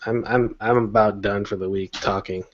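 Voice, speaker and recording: A man co-hosting a podcast in casual chat, giving short reactions and drawn-out remarks. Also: on the low side, fairly even intonation. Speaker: podcast co-host. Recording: dull lo-fi podcast audio.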